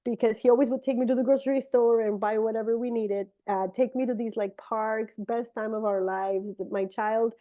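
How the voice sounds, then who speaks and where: A middle-aged woman, a native Spanish speaker, telling a personal story in a casual, animated way and jumping into high, excited voices when she quotes people. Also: moderate pace, few pauses, highs cut off. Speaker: speaker sharing a testimony.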